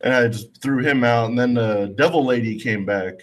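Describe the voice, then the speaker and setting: A man's voice: mid-range voice, moderate pace. A man co-hosting a podcast, telling a story in a laid-back way, full of "I was like" retellings. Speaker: podcast co-host. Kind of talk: casual storytelling.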